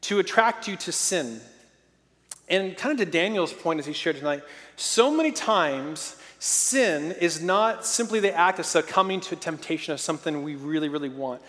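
A man in his thirties preaches in a lively, storytelling manner. His voice sits high. It rings out with a long hall reverb. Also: moderate pace. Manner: lively, storytelling with playful sound effects. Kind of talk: sermon.

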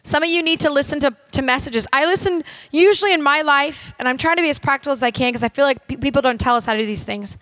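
A woman's voice: high voice, quick pace, few pauses, a bit bright, no room sound. A woman minister preaching a sermon in an emphatic, direct and conversational way, talking straight to her audience.

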